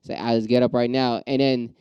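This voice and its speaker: A man's voice: mid-range voice, brisk, clean tone, no room sound, dull audio. A man, an aspiring stand-up comic, in a casual, profane, rambling monologue that flares up and then settles. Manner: profane, rambling ranting with restarts; gets riled up then calms.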